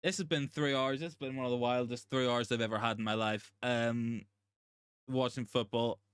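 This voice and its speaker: A male host giving live football watchalong commentary, excitable and shaken, stammering and repeating himself in disbelief. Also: medium pitch, moderate pace, clean tone, no echo, studio quality. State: shaken and overwhelmed. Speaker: fan channel host.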